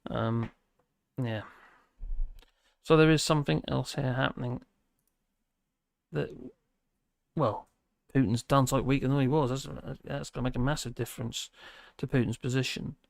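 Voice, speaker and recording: A man's voice: medium pitch, fairly even intonation, normal speed, gravelly, long pauses, no room sound, studio quality. A man hosting a casual livestream, reading viewer comments aloud and rambling with many fillers and restarts. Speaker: livestream host.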